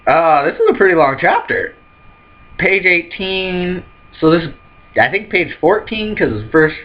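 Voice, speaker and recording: A man hosting a manga reaction video, excitable, laughing often and reading characters' lines aloud in quick put-on voices. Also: high voice, highs cut off. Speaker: manga reaction channel host. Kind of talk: live manga chapter reaction.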